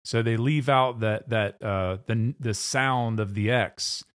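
A man in a mid-range voice muses out loud in casual conversation. He pauses often, restarting sentences as ideas come to him. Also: medium pitch, smooth. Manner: thinking aloud, hesitant, lots of fillers. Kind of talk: casual discussion.

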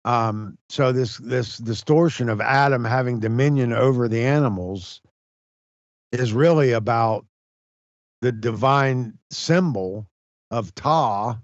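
A man speaks slowly and deliberately in a low voice, pausing on fillers as he lectures. The sound is dry and close, slightly dull and lo-fi. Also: dry recording. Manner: measured, halting, many fillers and restarts. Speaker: presenter on esoteric history. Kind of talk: slow lecture-style discussion.

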